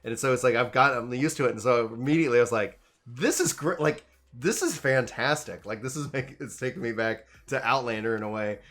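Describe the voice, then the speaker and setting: A man's voice: medium pitch, steady tone, quick pace, few pauses, fairly bright tone. A man hosting a casual gaming podcast, talking enthusiastically in rambling runs with frequent restarts. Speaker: podcast host.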